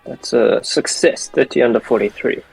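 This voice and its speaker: A man's voice: mid-range voice, normal speed, vocal fry, husky, soft background music, poor audio. A man playing a tabletop game, eagerly asking for rolls and checks. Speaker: player.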